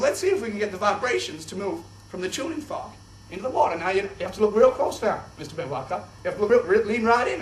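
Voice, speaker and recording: A young man presenting a kids' science show in an exaggerated, excitable host voice. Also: sits high, slight background noise. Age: young adult. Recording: echoey room, distant mic.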